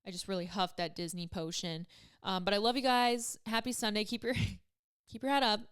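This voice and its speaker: A woman's voice: medium pitch, fairly even intonation, moderate pace, a bit bright, clear, resonant tone. A woman in her twenties hosting a solo podcast, talking casually and emotionally, choked up and rambling with many fillers. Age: 20s. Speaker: podcast host.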